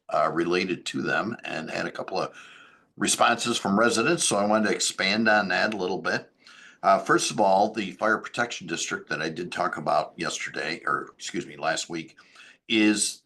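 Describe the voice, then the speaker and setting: A man giving a local government update as town supervisor, talking in a halting way with many fillers and self-corrections. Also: deep voice, pushed and bright.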